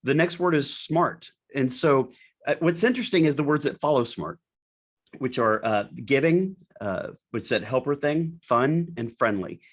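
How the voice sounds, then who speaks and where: A male interview host talking in an unhurried, exploratory way, working his thoughts out as he goes. His voice sits at a middling pitch and leaps upward when he stresses a word. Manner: thinking aloud, building up a question piece by piece. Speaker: podcast host. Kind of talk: conversational interview.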